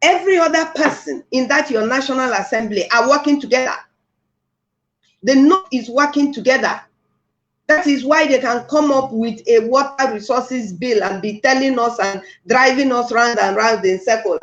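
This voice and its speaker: A woman's voice: fairly high pitch, moderate pace. A woman with a Nigerian accent giving an impassioned address, repeating phrases for emphasis. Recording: echoey room, dull lo-fi sound.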